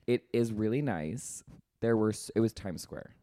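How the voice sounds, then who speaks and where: A man's voice: lowish voice, expressive, normal speed, dark tone, no echo. A man co-hosting a podcast, telling a rambling story in casual chat full of fillers. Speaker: podcast co-host.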